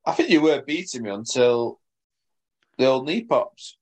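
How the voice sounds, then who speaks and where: A man's voice: medium pitch, animated, darkish tone. Male co-host, mid voice, giggly storyteller. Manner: laughing storyteller, quick bursts. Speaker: podcast co-host. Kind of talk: casual chat.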